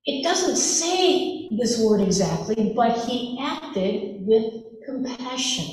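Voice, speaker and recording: A woman pastor giving a sermon, telling the story gently and softening to a hush on quoted words. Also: on the high side, lively intonation, slow pace. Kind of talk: sermon retelling a gospel story. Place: church sanctuary. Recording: echoey church hall from far off.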